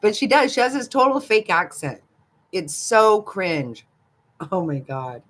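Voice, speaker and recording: Slow-talking older woman, giggly and gossipy. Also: medium pitch, sing-song, fairly bright tone. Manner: giggly, gossipy, talks back to chat. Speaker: livestream host. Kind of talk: casual live chat with viewers.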